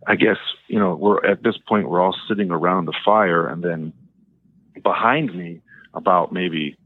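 A man with a deep, low voice calls in to a talk show and tells his story haltingly, stopping and restarting with plenty of fillers. His voice comes through a narrow, tinny phone line with a dry sound and no room around it. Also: no room sound. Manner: hesitant, rambling with many fillers and restarts. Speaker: caller. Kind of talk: telling a personal story on a call-in show.

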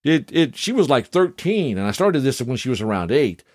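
A man's voice: medium pitch, very animated, normal speed, darkish tone, no echo, clean studio sound. A middle-aged man hosting a casual podcast, telling stories in a rambling, chatty way with asides to the listener. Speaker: podcast host.

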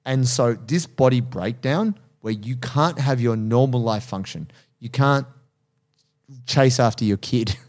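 A man's voice: mid-range voice, unhurried, a little mellow. A man hosting a casual podcast, talking animatedly about jiu-jitsu coaching, laughing often and swearing casually.

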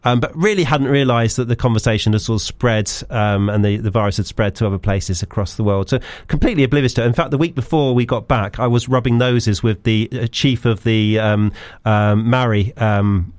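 Middle-aged male radio guest, mid-pitched, hesitant and rambling, fillers everywhere, dead-dry booth sound. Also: brisk, few pauses, darkish tone, no echo. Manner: hesitant, rambling, full of ums and restarts; laughs easily. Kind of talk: casual radio chat. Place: radio studio. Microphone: studio microphone.

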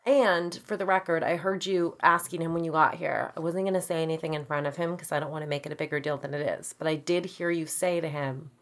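A woman's voice: deep voice, fairly even intonation, fast, hardly any pauses. A woman in her thirties co-hosting a podcast, chatting casually with a dry, wry sense of humor. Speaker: podcast co-host. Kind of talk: casual chat.

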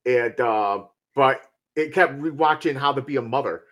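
A man's voice: mid-range voice, moderate pace, fairly bright tone. A man in casual conversation, bluntly and profanely retelling scenes from a film. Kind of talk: casual movie review chat.

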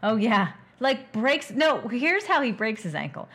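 A woman's voice: a little high, sing-song, a little slow, fairly bright tone. A woman co-hosting a podcast, recapping a movie's plot in a chatty way with casual restarts. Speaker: podcast co-host. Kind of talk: casual movie-review chat.

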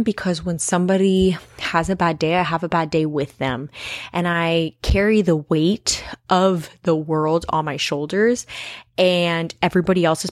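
A woman's voice: on the low side, no echo, studio quality. A woman in her twenties talking candidly to camera in a casual confessional monologue, emphatic and swearing freely. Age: 20s. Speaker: vlogger.

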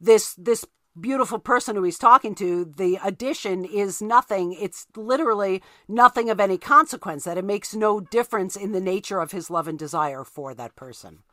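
A woman's voice: medium pitch, normal speed, few pauses, a bit bright, dry recording, clean studio sound. A woman in a casual literary discussion who makes her points emphatically and keeps asking "right?".

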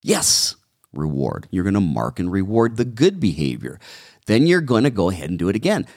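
A man's voice: low-pitched, wildly swooping pitch, normal speed, a little mellow, dry recording, clean studio sound. A man, a dog trainer, answering viewer questions in a direct, coaching way and repeating key instructions.

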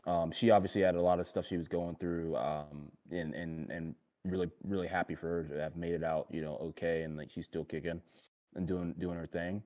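A man's voice: low voice, fairly even intonation, brisk, a little mellow. A young man co-hosting a casual panel chat, rambling with many fillers and restarts, slipping into giggles. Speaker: podcast co-host.

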